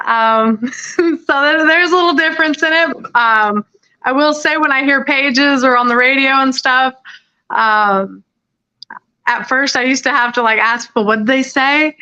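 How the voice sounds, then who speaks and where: A woman from Colorado chatting as a guest over a call-in line, upbeat and quick to laugh with plenty of ums. Her voice sits high and sounds bright and forceful. The call audio is dull and lo-fi. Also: smooth. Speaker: guest fighter. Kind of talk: casual chat over a call-in. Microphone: remote call-in.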